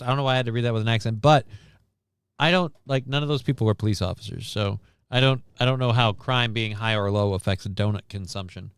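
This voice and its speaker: Hosting a live stream, a man drifts into sarcastic, rambling asides in his casual news commentary. His smooth, clean, lowish voice comes quickly and close to the mic, in a completely dead, dry space with no room sound or echo.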